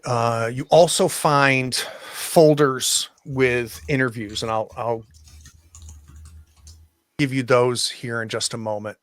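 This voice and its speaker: A man acting as game master, narrating a tabletop horror game in a slow, hesitant way with many pauses and restarts. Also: medium pitch, fairly even intonation, clean tone.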